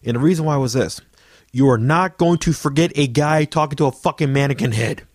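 A man's voice: medium pitch, no echo, studio quality. A man hosting a casual podcast, telling stories with plenty of swearing and fillers. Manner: fast, profane storytelling, lots of fillers. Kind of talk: casual chat.

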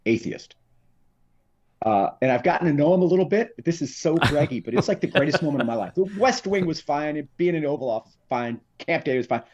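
A man's voice: a little high, quick pace, hardly any pauses, dull audio. A man from Texas, a political commentator, talking as a podcast guest in an emphatic, joking storytelling manner. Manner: animated storyteller, emphatic and jokey. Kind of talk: podcast interview chat.

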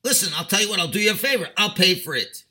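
A man's voice: expressive, quick pace, pushed and bright, exaggerated voice. A man voicing a sly, smug schemer in a parable, bargaining coolly. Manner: cool, low-key bargaining.

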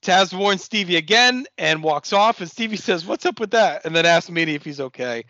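A man's voice: a little high, lively intonation, normal speed, bright, forceful tone, no room sound, lo-fi sound. A man co-hosting a podcast, casually recapping wrestling shows and swearing freely. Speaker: podcast co-host.

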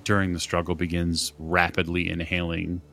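Gravelly low-voiced game master. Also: male voice, normal speed, slight background noise. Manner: calm, matter-of-fact narration calling for dice rolls. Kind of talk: narrating a tabletop horror game.

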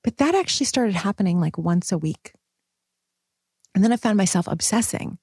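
A young woman shares her first months of motherhood in a personal vlog. She talks candidly and with animation, getting emotional as she goes. Her voice sits at an ordinary pitch in a dry, close recording. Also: lively intonation, normal speed, darkish tone, breathy edge, dry recording. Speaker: new mother vlogger.

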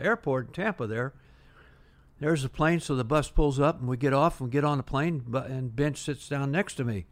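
Rambling older man telling a story. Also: a little high. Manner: rambling storyteller with restarts and quoted dialogue. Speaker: guest. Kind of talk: casual anecdote.

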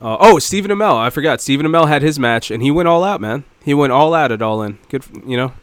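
A man co-hosting a podcast in casual chat. His voice sits in a middle register and comes across close and dry. He is animated and laughs easily. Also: medium pitch, fast talker, no room sound. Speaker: podcast co-host.

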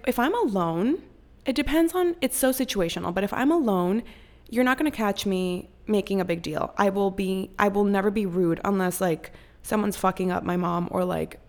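A young woman hosting a podcast, telling a story in casual chat, swearing freely and acting out other people's voices. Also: medium pitch. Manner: profane and animated, acts out others' voices. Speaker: podcast host.

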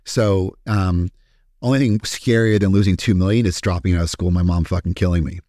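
A man with a Kentucky accent tells his own story as a podcast guest, candid and blunt, with frequent swearing and fillers. His voice sits fairly low. The recording is dry and close, with no room sound. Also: steady tone, fairly quick, dark tone, dry recording. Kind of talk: casual storytelling interview.

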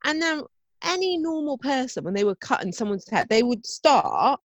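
Her voice high-pitched and her pace normal, a woman tells a family story in easy conversation, slipping into character voices and laughing a lot. The recording is dry.

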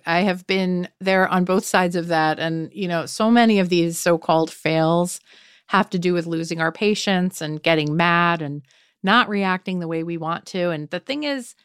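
A woman co-hosts a parenting podcast. She reads stories and reflects on them in an earnest, thoughtful way. Her voice is smooth and lowish, recorded dry and close. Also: dry recording. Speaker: podcast co-host. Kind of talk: reading a listener story and chatting.

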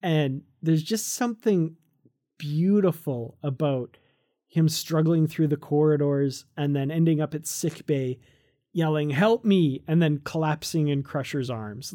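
Podcast co-host, chatty and enthusiastic, mellow tone, mid pitch, laughs a lot. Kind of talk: casual chat reviewing a comic.

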